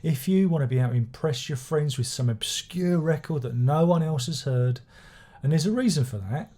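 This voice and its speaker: A man's voice: a little high, expressive, a little fast, warm tone. Sardonic, sweary man reviewing records. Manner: sardonic, swearing, rambling with restarts. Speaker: music reviewer. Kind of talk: casual spoken album review.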